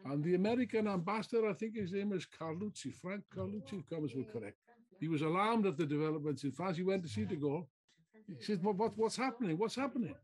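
A man's voice: high-pitched, fast talker, darkish tone. A man giving a political speech to a meeting, emphatic, repeating phrases and throwing out rhetorical questions. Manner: mocking mimicry of opponents. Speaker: political speaker.

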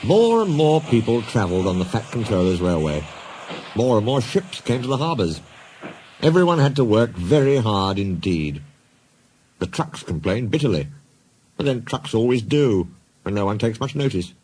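A man narrating a children's storybook in a dry, gently wry way. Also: fairly low pitch, very animated, normal speed, slight background noise.

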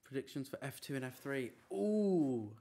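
A man chatting casually on a live stream, reading out his chat and answering questions in an easygoing way. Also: mid-range voice. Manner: chatty, easygoing, quick to brush off teasing.

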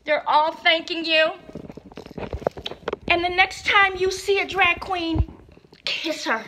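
Campy, hoarse middle-aged woman host. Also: very high voice, fairly even intonation, slow pace, sharp tone, a little hiss or hum. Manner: campy, playful and flamboyant. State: hoarse from a sore throat. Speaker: show host. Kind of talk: casual chat to camera.

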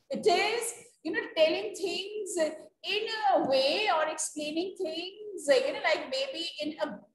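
A woman with an Indian English accent teaching an English class, explaining with many fillers and checking questions. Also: high voice. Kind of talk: online class lesson. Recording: echoey room, distant mic, faint noise.

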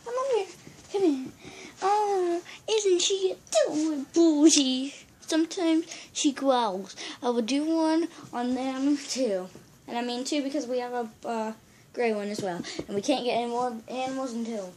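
A woman vlogging at home in a casual way, excitable and giggly, coaxing her pet to come over. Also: high-pitched, normal speed, a little hiss or hum. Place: at home, indoors.

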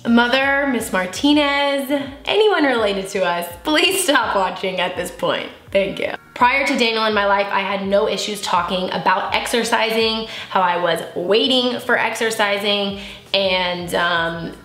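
A woman's voice: mid-range voice, unhurried, fairly bright tone. A woman in her twenties chatting candidly and emotionally while doing her makeup for a vlog. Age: 20s. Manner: candid, giggly, emotional and open. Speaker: beauty vlogger. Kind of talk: casual get-ready-with-me chat. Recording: echoey room with faint music.

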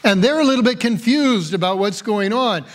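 High-voiced pastor preaching in echoing church. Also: male voice, expressive, moderate pace. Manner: reads scripture then tells a story, varied emphasis. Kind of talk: sermon. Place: church sanctuary. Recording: long church reverb.

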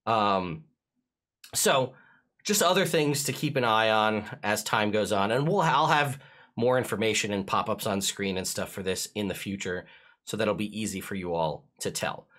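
A man acting as game master for a streamed tabletop game, explaining rules in an excitable, chuckling way. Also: fairly low pitch, moderate pace.

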